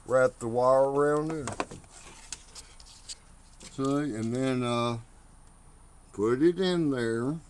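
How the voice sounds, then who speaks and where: A man's voice: medium pitch, extremely slow, pauses often, darkish tone, slight background noise. A man filming a casual how-to video while working on his truck engine, slightly out of breath and rambling as he points things out. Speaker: home mechanic.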